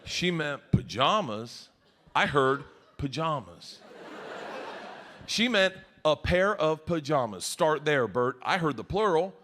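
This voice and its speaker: Rowdy high-voiced man doing stand-up. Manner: loud, shouting bursts and rowdy storytelling. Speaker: stand-up comedian. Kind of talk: stand-up comedy set. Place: comedy club stage with live audience. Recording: noisy live club recording.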